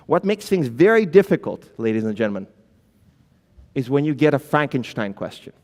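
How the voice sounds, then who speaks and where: Addressing the crowd directly in a conference hall, a male speaker imitates nervous founders stumbling through filler words. His medium-pitched voice is sing-song and a little mellow, delivered at normal speed, with long reverb from the hall.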